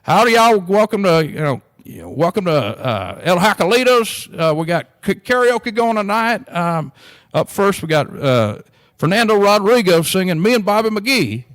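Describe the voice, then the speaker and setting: A man's voice: sits high, sing-song, normal speed, no room sound, clean studio sound, big-room sound, voice pushed up. A man putting on the voice of a boisterous small-town karaoke announcer, calling out the next act with fillers. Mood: rowdy welcome. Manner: loud, hollering announcement with hesitant fillers.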